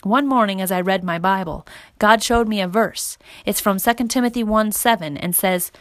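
A woman reading a calm, kindly fireman. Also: medium pitch, normal speed, no echo, natural voice. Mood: gentle. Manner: gentle, reassuring, earnest.

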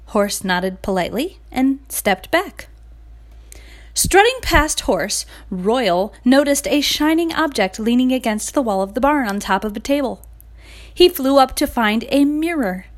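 A woman narrating a children's picture story in a clear read-aloud manner. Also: fairly high pitch, lively intonation, unhurried.

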